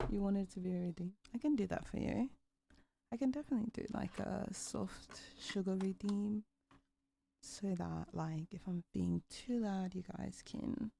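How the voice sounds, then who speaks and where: A woman's voice: mid-range voice, vocal fry. A young woman chatting casually on a livestream, greeting viewers and asking them questions.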